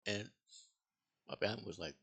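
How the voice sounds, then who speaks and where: A man with a low, gravelly voice talks through a movie review in a loose, rambling way. His tone is bright and edgy, with a husky grain, and he swears freely between fillers. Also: moderate pace. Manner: rambling, profane, with many fillers and restarts. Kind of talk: casual spoken movie review.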